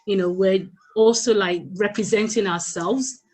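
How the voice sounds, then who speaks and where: A woman's voice: mid-range voice, fairly even intonation, a little slow, a little mellow, low-quality recording. Woman participant, casual, hesitant, filler-heavy. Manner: hesitant, many fillers like "you know". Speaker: workshop participant. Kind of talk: casual comment on a call.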